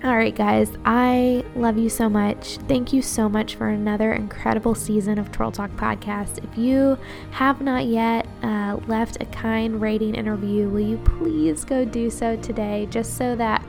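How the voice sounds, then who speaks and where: A woman podcast host with a gravelly, fry-laced voice, signing off the episode with effusive gratitude. Her talk flows easily between thanks and requests to her audience, with music playing clearly underneath. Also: a little high, steady tone, measured pace. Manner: gushing, warm thanks with light laughs. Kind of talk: heartfelt outro monologue.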